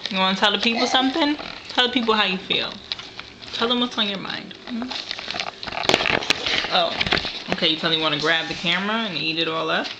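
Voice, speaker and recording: A woman's voice: medium pitch, fairly quick, long pauses. A young woman filming small children at a home meal, coaxing them in sing-song baby talk. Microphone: handheld home camcorder. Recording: loud background noise on a home camcorder.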